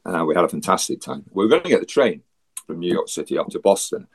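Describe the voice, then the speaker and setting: A man's voice: low-pitched, very animated, fast, husky. A Scottish man from Scotland, a guest telling a travel story in a chatty way, with wry asides and frequent laughs. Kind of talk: casual storytelling.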